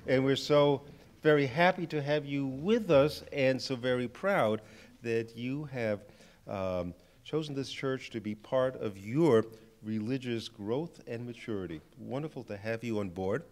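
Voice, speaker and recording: A man, a minister, welcoming a church crowd and introducing staff in an unhurried way. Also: mid-range voice, a little mellow. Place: church sanctuary.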